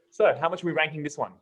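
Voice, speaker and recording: A man's voice: a little high, a bit bright. A man hosting a podcast, casual and upbeat, laughing often as he leads the conversation. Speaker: podcast host.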